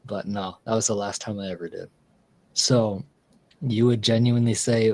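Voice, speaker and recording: A man's voice: lowish voice, steady tone, normal speed, darkish tone, rough recording. A man streaming casually, telling a long story with lots of fillers and restarts. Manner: rambling storyteller with many fillers. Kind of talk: casual live-stream chat.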